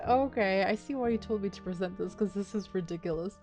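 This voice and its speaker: A woman's voice: mid-range voice, a little fast, few pauses, a little mellow, soft background music. A woman streamer casually commenting on a game she is playing, chatty and playful and laughing often, with a sore throat. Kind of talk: casual let's-play commentary.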